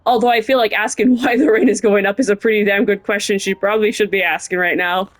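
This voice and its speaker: A woman's voice: mid-range voice, fairly even intonation, fast, no room sound. A young woman casually chatting and muttering to herself while playing a game, now and then swearing. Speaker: gaming streamer. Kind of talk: casual gameplay commentary.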